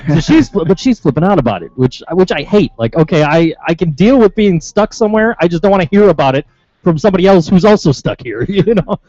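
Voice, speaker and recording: Casting: man from Western New York, slightly higher voice, swears freely, laughing yarn-spinner, dull dry sound. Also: lively intonation, fast talker, warm tone, no room sound. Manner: rambling, profane, laughing anecdotes. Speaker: show regular. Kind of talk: casual banter.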